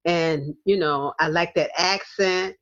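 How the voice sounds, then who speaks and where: A woman's voice: on the low side, slow, a bit bright, dull audio. A woman from the United States in casual chat, gushing and emphatic, often repeating herself.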